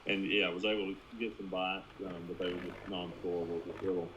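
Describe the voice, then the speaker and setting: A man's voice: low voice, flat delivery, quick pace, highs cut off, a crowd in the background. A man, a guest angler, recounting a tournament in a laid-back, rambling way. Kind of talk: casual chat.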